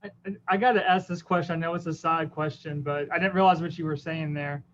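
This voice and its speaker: A man's voice: on the high side, fairly even intonation, quick pace, lo-fi sound, a little hiss or hum. A man interviewing a guest in a live conversation, asking eager follow-up questions.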